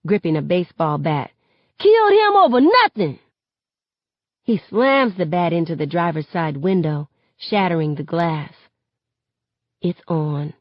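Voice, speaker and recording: A woman reading a novel aloud in steady first-person narration that rises sharply on shouted lines. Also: lowish voice, no room sound. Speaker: reader. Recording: dull lo-fi, dry sound.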